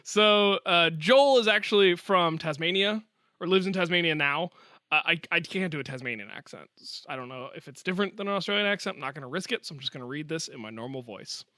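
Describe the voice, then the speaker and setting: A man's voice: on the high side, lively intonation, quick pace, pushed and bright, dry recording, clean studio sound. A man co-hosting a science podcast, reading a listener email aloud in a chatty, joking way. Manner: chatty, jokey, playful asides. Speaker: podcast co-host.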